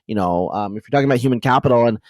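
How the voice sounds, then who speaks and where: A man hosting a podcast interview, talking in a rapid, animated way with many fillers and restarts. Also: medium pitch, no room sound. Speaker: podcast host. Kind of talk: casual conversational interview.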